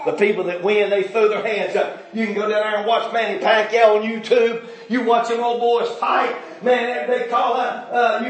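A man preaching a folksy revival sermon, telling stories and building up to shouts. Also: very high voice, heavy reverb, distant mic. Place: church sanctuary.

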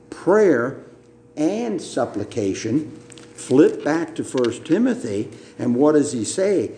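A male pastor preaching a sermon, emphatic and deliberate, often repeating words as he teaches. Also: mid-range voice, dark tone, a little hiss or hum. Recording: roomy echo.

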